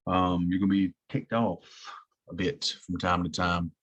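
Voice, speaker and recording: Low-voiced, plain-spoken instructor. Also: male voice, little pitch movement, a little slow, fairly bright tone, lo-fi sound. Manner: plain-spoken, repeats key words for emphasis. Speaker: EMT instructor. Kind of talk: classroom lecture.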